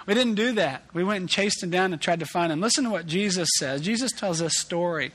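A man preaches a sermon and leads in with a lively personal story. He pokes fun at himself as a parent. His voice sits slightly higher than most men's. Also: a little fast. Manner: animated storytelling, self-deprecating. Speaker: pastor.

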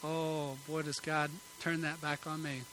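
A man in his thirties or forties preaching a sermon in a church, emphatic at times and softly pleading at others. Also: a little high, level tone, unhurried, slight background noise, rough recording. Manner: earnest, emphatic preaching that drops to soft pleading. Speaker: pastor. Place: church sanctuary.

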